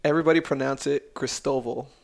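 A man's voice: medium pitch, fairly even intonation, fast talker, creaky. A man hosting a podcast in casual chat, laid-back, laughing often and swearing freely. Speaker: podcast host.

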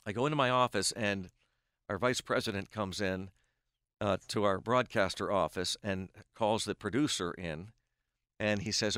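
A man's voice: fairly low pitch, moderate pace, clean tone, no room sound, clean studio sound. A middle-aged man, a baseball play-by-play announcer, telling a long story on a podcast and acting out the quoted back-and-forth. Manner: animated storyteller who acts out quoted dialogue.

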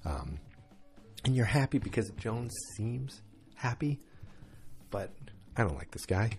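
A man's voice: on the low side, sing-song, unhurried, darkish tone, faint music behind. A tired man yawning through a chatty, rambling late-night recap of a TV episode, full of fillers.

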